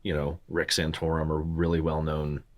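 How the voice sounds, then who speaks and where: A man's voice: extremely low pitch, completely flat delivery, moderate pace. A man co-hosting a podcast, chatting casually and reminiscing with easy laughter. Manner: easygoing, reminiscing, laughs often. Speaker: podcast co-host. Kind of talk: casual chat.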